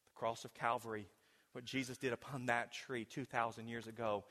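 A man preaching a sermon in a church, telling a story dramatically and swinging between loud and hushed delivery. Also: mid-range voice, flat delivery, moderate pace. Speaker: pastor. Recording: long hall reverb.

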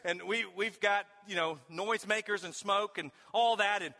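High, bright-voiced preacher in a reverberant hall. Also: male voice, normal speed. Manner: emphatic preaching, with folksy storytelling and sudden shouted questions. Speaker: pastor. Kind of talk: sermon.

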